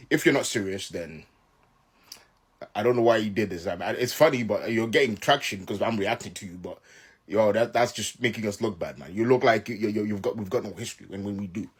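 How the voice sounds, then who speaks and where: A man's voice: fairly low pitch, brisk, husky. A man from Southern Africa giving casual reaction commentary, exasperated and incredulous, often laughing in disbelief.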